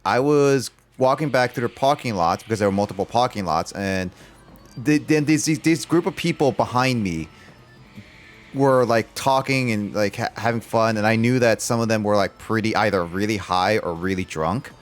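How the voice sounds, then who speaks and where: A man's voice: lowish voice, moderate pace, soft background music. A young man streaming a game, rambling through his play and telling a long story with many fillers and restarts. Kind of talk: casual gameplay commentary and storytelling.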